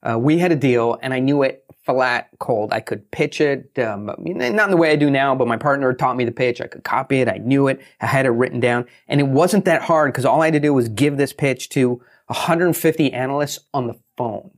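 A man who is a guest on an interview show, telling lively stories and acting out what others said. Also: medium pitch, brisk, hardly any pauses. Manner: animated, acts out quotes. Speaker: guest, pitching author. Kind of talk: storytelling interview talk.

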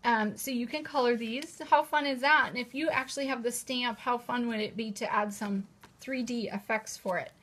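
Showing off new planners on a casual live stream from her table at home, a woman gushes over every item and repeats "how cute is that." She speaks at normal speed to a camera in a holder, her slightly high voice a bit bright with fairly even intonation.

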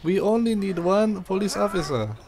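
A man voicing a laid-back island tour guide in a put-on Jamaican accent, high and sing-song. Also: expressive, normal speed, a little mellow. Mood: jokey.

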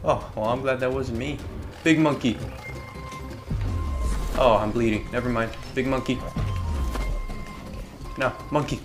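A man doing let's play commentary, excitable and prone to yelling reactions and silly caveman talk. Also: mid-range voice, normal speed, pauses often. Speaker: gaming video creator. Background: game music.

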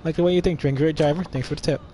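A man's voice: on the high side, fairly even intonation, rapid-fire, dark tone, a little hiss or hum. A young man streaming a game, reading its dialogue aloud playfully and commenting between lines with laughs.

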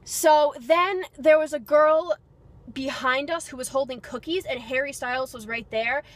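A young woman vlogger excitedly telling a story, gushing and breathless with lots of fillers. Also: high voice, a little slow, no echo. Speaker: beauty vlogger.

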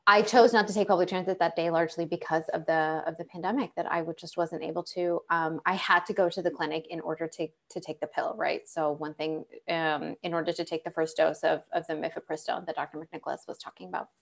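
Woman telling her own story, low-pitched. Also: fast, vocal fry, few pauses. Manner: animated storyteller with many fillers and restarts. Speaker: panel guest sharing personal story. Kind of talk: conversational personal account.

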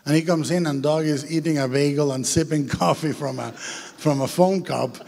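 A film director as interview guest, telling lively anecdotes with frequent hesitations, on the stage of a large hall. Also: male voice, fairly high pitch, moderate pace, vocal fry. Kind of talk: onstage festival interview. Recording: long hall reverb.

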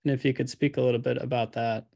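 A man's voice: mid-range voice, little pitch movement, quick pace, vocal fry, warm tone. A man joining a group call to ask a question, hesitant with many ums and uhs. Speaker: participant asking a question.

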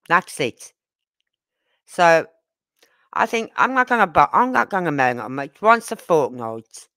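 A middle-aged woman talks in a loose, chatty ramble, forever checking whether you follow. Her voice sits fairly low. The recording is dry, with no room sound. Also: bright, forceful tone, no room sound. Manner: chatty, rambling, keeps asking "you know what I mean". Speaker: neighbour interviewed. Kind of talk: casual storytelling chat.

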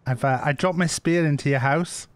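A man streaming a survival game, his voice sitting a little high. He chats loosely into his mic and often repeats himself as he thinks aloud. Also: normal speed, no echo. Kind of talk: live gameplay commentary.

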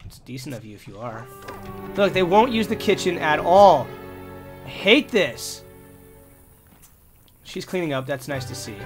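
A man commentating a life-sim game, getting exasperated and shouting insults at the characters. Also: on the high side. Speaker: gameplay commentator. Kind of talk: let's play commentary.

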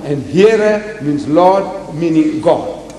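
Older man, public debate lecturer, slightly high voice, emphatic and animated, big echoey hall. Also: takes it slowly, slight background noise. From South Africa. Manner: emphatic, animated, quotes scripture and acts out dialogue. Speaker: lecturer on religion. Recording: echoey hall, long reverb.

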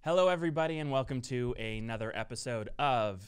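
A man's voice: medium pitch, fast talker, slight background noise. A man hosting a casual podcast chat, joking loosely and laughing at his own slips. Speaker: podcast host.

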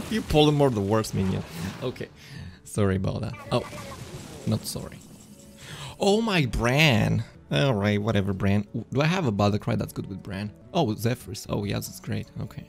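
A man streaming a card game, chatting excitedly to himself and often jumping into squeaky high exclamations. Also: normal speed, creaky, pauses often, over music. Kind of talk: casual gameplay commentary.

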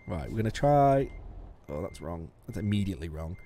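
A man's voice: sits low, very animated, fairly quick, dark tone. A man casually commenting while playing a game, chatty and self-mocking, swearing often and laughing a lot. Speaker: streamer.

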